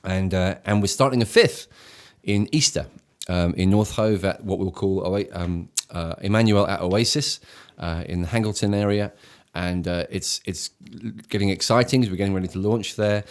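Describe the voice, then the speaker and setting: This English church leader co-hosts a relaxed talk show, his deep voice moving at a normal pace with few pauses. He sounds enthusiastic, fumbling for words and starting his sentences over again and again.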